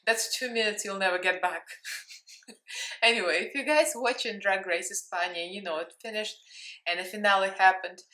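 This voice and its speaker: A woman with a Russian accent talks casually and playfully, giggling between thoughts as she hosts a makeup tutorial. Her voice is bright and forceful. The room around her adds a noticeable echo. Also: medium pitch, normal speed. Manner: bubbly, chatty, playful and giggly. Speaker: makeup vlogger.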